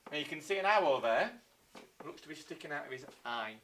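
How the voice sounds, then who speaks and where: A man with an English accent teaching a live online history lesson to children, telling the story with lively acted-out voices. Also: fairly high pitch, quick pace, slight background noise. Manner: lively storytelling, acts out scenes in silly voices. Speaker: primary school teacher.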